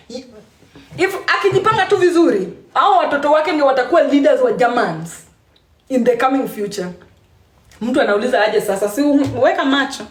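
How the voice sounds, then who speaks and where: A woman's voice: high-pitched, roomy sound, a little hiss or hum. A woman with a Kenyan accent talking casually on a live stream, laughing often and repeating phrases for emphasis.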